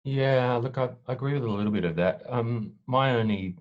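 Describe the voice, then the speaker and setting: A man on a casual panel, speaking in a measured, hesitant way with ums and self-corrections. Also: medium pitch, dull audio.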